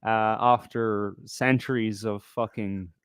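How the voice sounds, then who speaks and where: A man, co-hosting a casual talk show and ranting in a profane, animated way with many fillers. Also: fairly low pitch, slow pace, smooth, no room sound, studio quality. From Ireland. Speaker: podcast co-host. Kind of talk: casual chat.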